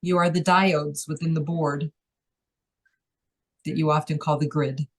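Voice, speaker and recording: A woman in a trance-channeling session, speaking for a collective as "we" with a playful, teasing, unhurried delivery. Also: sits low, steady tone. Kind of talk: channeled spiritual message.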